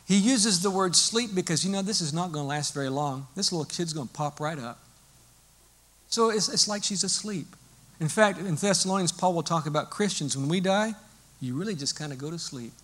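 A male pastor preaching a sermon in a lively, storytelling way, explaining as he goes. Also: high voice, a little fast.

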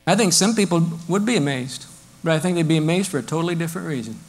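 A male pastor delivers an animated sermon to his congregation, his voice sitting notably high. He swings between emphatic declarations and quieter asides, sometimes slipping into a sarcastic mock voice. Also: quick pace. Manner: animated preaching, mock voices of modern critics. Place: church.

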